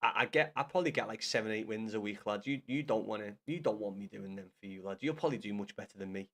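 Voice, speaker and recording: A young Scouse man from Liverpool talks fast in a fairly low, slightly bright voice. He's on a live stream chatting casually about football, rambling, swearing and speaking to viewers by name.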